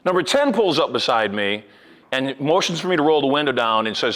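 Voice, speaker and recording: In a large event room full of listeners, an older motivational speaker and hypnotist gives his seminar fairly quickly. He's punchy and animated, alternating booming emphasis with low side remarks.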